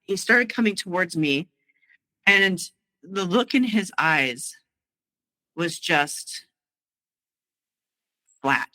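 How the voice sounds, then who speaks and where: A woman with a bright, forceful voice recounts a painful memory in halting, emotional bursts. She restarts her sentences often as she goes back over the night. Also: on the low side, animated, rough recording. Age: adult. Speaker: guest sharing her story. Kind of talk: personal storytelling.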